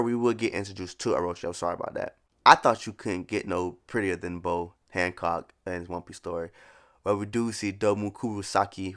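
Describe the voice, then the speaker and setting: A man's voice: deep voice, fairly bright tone. A man casually reviewing a manga chapter, laughing often and acting out character lines. He says he is a little sick.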